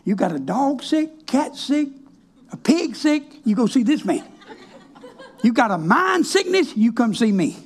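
A man's voice: very high-pitched, very animated, unhurried, husky. A male pastor preaching in a folksy, colloquial way, telling stories from his counseling work. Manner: folksy, colloquial, switches between quoted voices. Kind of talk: folksy sermon storytelling.

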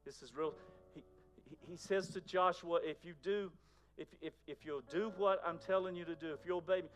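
A man preaching a sermon in a conversational way, moving between loud emphasis and near-whispers. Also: on the high side, fairly even intonation, a little fast, faint music behind. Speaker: pastor.

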